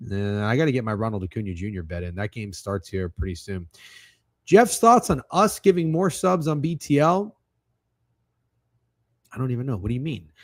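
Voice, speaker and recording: A young man with a lowish voice talks through sports bets in a loose, rambling livestream chat, swearing freely and restarting his sentences as he gets excited. The sound is dry and close, with almost no room around it. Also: fairly quick, no room sound. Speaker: sports betting show host.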